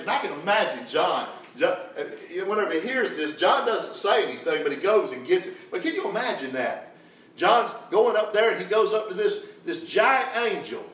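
A man's voice: high voice, fairly bright tone. A man preaching a sermon, fervent and calling out for the congregation's responses. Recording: echoey church hall, distant mic. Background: congregation answering amen.

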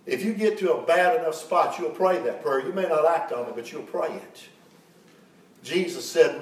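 A man's voice: medium pitch, moderate pace. A middle-aged man preaching an impassioned sermon as pastor, building to fervent peaks. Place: church sanctuary. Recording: very echoey room, mic at a distance.

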